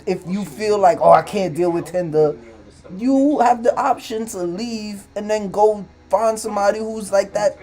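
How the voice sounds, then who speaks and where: At normal speed and a high pitch, a male live-stream host rants about relationships and social media. His casual commentary monologue is loose, profane and animated.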